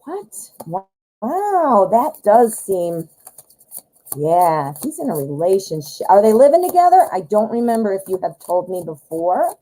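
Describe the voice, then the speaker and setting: Woman, tarot stream host, casual chat, mellow voice, animated, talks to viewers. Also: medium pitch, moderate pace, poor audio. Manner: chatty, animated, greets viewers by name. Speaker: tarot reader hosting a live stream.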